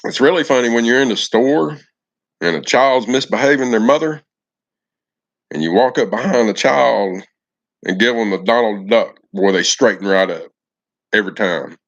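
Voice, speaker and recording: A man's voice: medium pitch, normal speed, fairly bright tone, muffled recording. A man chatting on a casual live stream, folksy and affectionate, greeting viewers by name.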